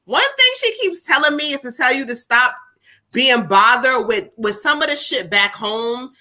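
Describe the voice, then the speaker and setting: A woman's voice: high-pitched, animated, moderate pace, sharp tone. A woman doing live psychic readings on a stream. She talks in a casual, earthy way, swears freely, and passes on spirit messages in quotes.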